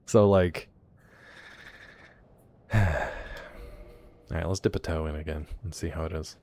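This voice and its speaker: A man's voice: a bass voice, fairly even intonation, unhurried, mellow. A man giving casual live gameplay commentary as a streamer, chatty and joking as he reacts aloud and talks to his chat. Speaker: game streamer.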